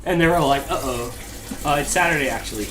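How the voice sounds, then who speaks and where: A man's voice: on the high side, very fast, fairly bright tone, slight background noise. A man co-hosting a baking livestream, rambling and joking in loose banter full of fillers. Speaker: co-host of a baking show.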